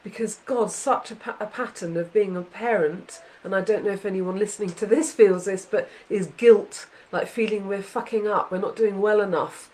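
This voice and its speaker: A woman's voice: medium pitch, normal speed, few pauses, a little mellow, rough recording. A woman hosting a casual chat with her son, heartfelt and rambling, full of fillers and restarts. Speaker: podcast host, mother.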